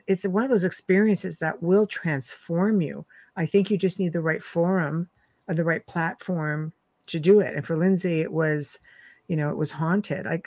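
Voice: medium pitch, darkish tone, dry recording. Reflective, chatty host, dry sound. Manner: reflective, chatty, laughs easily. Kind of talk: interview, casual chat.

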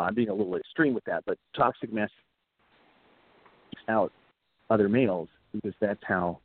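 A thoughtful man talks as a guest, measured and steady, with a few fillers. His voice sits somewhat low. The line is thin and phone-like, with a dry room. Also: gravelly, husky, no room sound. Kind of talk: casual chat.

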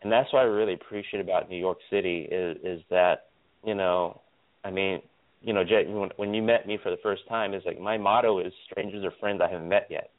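Low-pitched male guest from California, chatty and animated, heard through a phone line. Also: brisk. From Stockton, California. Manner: animated, repeats words, many fillers. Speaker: guest, optometrist. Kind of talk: casual interview storytelling.

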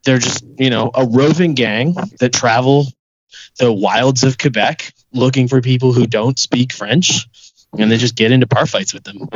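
A man in casual conversation telling stories with dry, deadpan humor. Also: mid-range voice, moderate pace, no echo. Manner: dry joking, deadpan exaggeration. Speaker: musician. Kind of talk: casual podcast chat, storytelling. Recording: slightly dull lo-fi sound.

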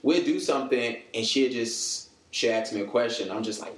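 Animated storytelling man, roomy echo. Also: mid-range voice, moderate pace. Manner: animated storyteller, acts out quoted voices. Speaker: podcast guest. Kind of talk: casual chat.

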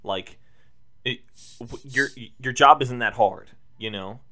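A man co-hosting a podcast, joking around in casual chat and trailing off into quiet asides. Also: mid-range voice, slow pace.

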